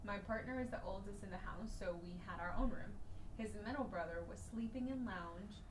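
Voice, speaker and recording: A woman's voice: mid-range voice, fairly quick, distant mic. A woman co-hosting a podcast, chatting casually and reading a story aloud. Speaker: podcast co-host. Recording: echoey room, faint noise.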